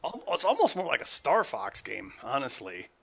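A man with a bright, forward voice chats about games. He talks in animated bursts and often stops to restart. His pitch sits in the middle. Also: normal speed, vocal fry, slightly rough. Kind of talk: casual chat about video games.

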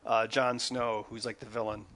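Guy with a sharp bright voice talking games, animated, keeps restarting. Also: mid-range voice. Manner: animated, halting, restarts often. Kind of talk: casual chat about video games.

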